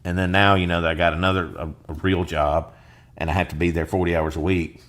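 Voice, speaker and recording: A middle-aged man hosting a podcast, talking casually and rambling, low and soft when serious, playful with silly put-on voices. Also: level tone, fast talker. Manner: rambling, jokey, slips into high silly voices for bits. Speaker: podcast host.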